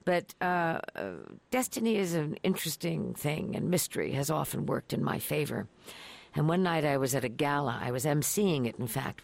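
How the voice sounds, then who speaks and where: A woman's voice: low voice, creaky. A woman, a radio interview guest, telling her stories in a dramatic, emphatic and emotional way. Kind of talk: expressive storytelling.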